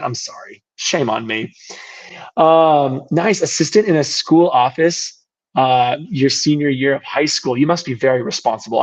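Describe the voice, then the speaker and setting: A man leads an online workshop in a hoarse, tired voice that sits fairly high. He keeps things upbeat and chatty with small jokes. The call audio sounds dull and lo-fi. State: hoarse, voice worn out from talking all day. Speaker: workshop host. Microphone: video call.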